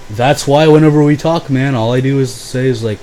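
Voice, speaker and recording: A man's voice: mid-range voice, fairly quick, mellow, slight background noise, natural voice. A young man imitating his awkward, blunt young male roommate in a near-normal voice.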